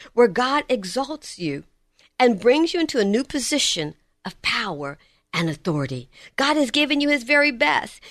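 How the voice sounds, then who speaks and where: A woman preaching a sermon, swinging between emphatic lines and hushed, slow ones. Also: medium pitch, no room sound, clean studio sound.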